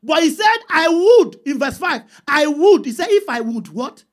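A woman's voice: sits high, very animated, normal speed. A woman preaching a sermon, repeating points and calling for answers from the congregation. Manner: call-and-response with the congregation, emphatic repeats.

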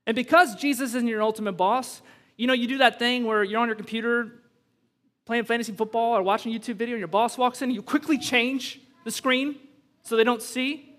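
A man's voice: very high voice, steady tone, fairly quick, a bit bright. A man preaching a sermon as pastor, emphatic and conversational, with bursts of humor and rising intensity. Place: church sanctuary. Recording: long reverb from a large hall.

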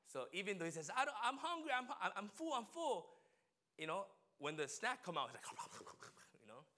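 A man's voice: medium pitch, bright, forceful tone. A man preaching a conversational sermon, chatting with the congregation and asking people questions by name. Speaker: pastor.

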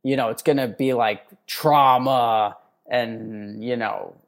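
A young man co-hosting a podcast in casual chat, an animated storyteller who acts out the people he quotes. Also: mid-range voice, slow pace, vocal fry. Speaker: podcast co-host.

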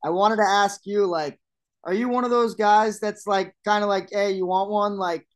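A man's voice: high-pitched, normal speed. Curious man asking loose questions. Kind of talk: casual podcast chat.

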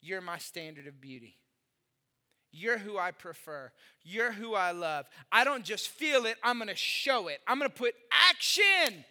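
A middle-aged male pastor preaches a sermon in a very high, piercingly bright voice at normal speed. He tells funny stories with animated delivery and sudden shouts, his voice ringing with the long reverb of a big hall.

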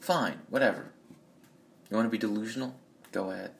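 A man's voice: on the low side, brisk, vocal fry. A man ranting bluntly and profanely in a rambling monologue, recorded on a phone in an echoey room. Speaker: vlogger.

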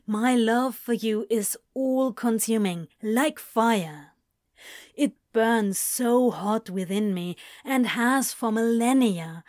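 A woman's voice: fairly high pitch, darkish tone, dry recording, studio quality. A woman doing a devoted, lovestruck demon. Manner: slow, earnest, heartfelt declaring. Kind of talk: fan fiction read aloud.

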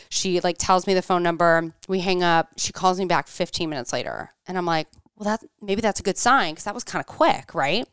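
A woman's voice: fairly low pitch, moderate pace, hardly any pauses, clear, resonant tone, no room sound, studio quality. A woman in her thirties, a podcast co-host, telling a story in casual chat and acting out the dialogue with animation. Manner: animated, acts out quoted dialogue.

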